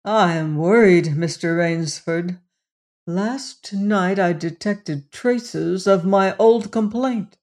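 Reader doing aristocratic Cossack general, audiobook; suave, menacing, very slow and drawn out. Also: medium pitch, a little mellow. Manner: courtly, unhurried, drawn-out phrasing. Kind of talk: audiobook character reading.

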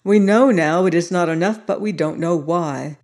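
A narrator voicing an old male sociologist, benign and softly insistent, in an audiobook reading. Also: medium pitch, normal speed, close to an everyday voice. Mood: grave. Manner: soft and insistent.

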